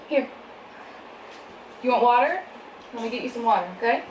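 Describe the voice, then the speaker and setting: A woman's voice: on the high side, animated, normal speed, long pauses, a little mellow. A young woman chatting casually in a mukbang vlog, laughing often and talking between bites at home. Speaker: vlogger. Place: home, indoors. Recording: echoey room, faint background noise.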